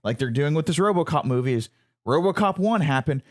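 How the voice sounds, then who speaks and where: A man's voice: on the high side, expressive, brisk. A man, co-hosting a casual pop-culture chat, rambling and stammering as he corrects himself. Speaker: podcast co-host.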